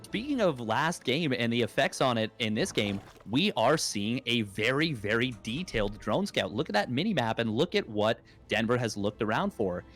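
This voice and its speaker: A man's voice: medium pitch, sing-song, moderate pace, a bit bright, soft background music. A young adult man casting an esports match in a casual, rambling way, with jokes and many fillers. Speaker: esports caster. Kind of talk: casual play-by-play commentary.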